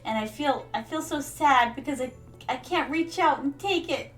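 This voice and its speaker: A woman's voice: sits high, moderate pace, a bit bright, faint music behind. A young woman streamer chatting playfully while playing a game, calling viewers her darlings. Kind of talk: casual gameplay commentary.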